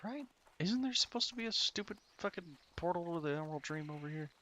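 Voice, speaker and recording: A tired, sleepy streamer mutters casual commentary to himself while playing an online game, rambling and swearing. His voice is on the high side, expressive, quick, and pushed and bright.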